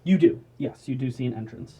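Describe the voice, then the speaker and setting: A man's voice: mid-range voice, brisk, warm tone, slight background noise. A laid-back man narrating a tabletop game as dungeon master, laughing often.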